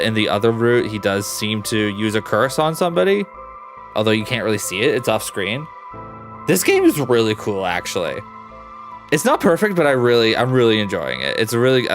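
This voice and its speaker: A man giving casual, rambling commentary while playing a story game, chatty and quick to laugh. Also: medium pitch. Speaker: let's-play gamer.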